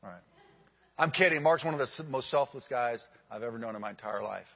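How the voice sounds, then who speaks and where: A man preaching a sermon as pastor, telling stories in an animated way that swings from loud to hushed. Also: mid-range voice, fast, creaky. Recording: dull lo-fi audio with long hall reverb.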